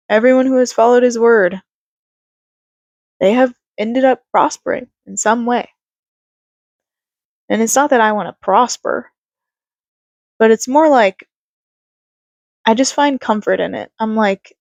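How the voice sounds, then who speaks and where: A woman's voice: a little high, measured pace, pauses often, darkish tone, dry recording. A young woman talking casually to camera about life and faith, rambling with fillers and laughs, and a bit congested. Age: young adult. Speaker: vlogger. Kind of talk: casual reflective talk to camera.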